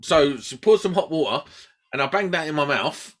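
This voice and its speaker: A British man co-hosting a podcast, telling a story in casual chat and acting out the voices loudly. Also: a little high, normal speed. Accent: British English. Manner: animated storyteller, acts out quotes loudly. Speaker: podcast co-host.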